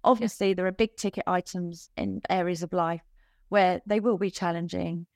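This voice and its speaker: A woman speaking as a business coach in a casual podcast interview, chatty and quick to laugh, with self-deprecating asides. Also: lowish voice, steady tone, darkish tone, no echo, clean studio sound.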